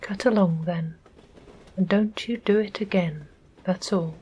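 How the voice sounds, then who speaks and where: A woman with an English accent voicing a gruff, stern working-class bargee in whispered role-play, using rough dialect speech. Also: mid-range voice, unhurried, mellow, rough recording.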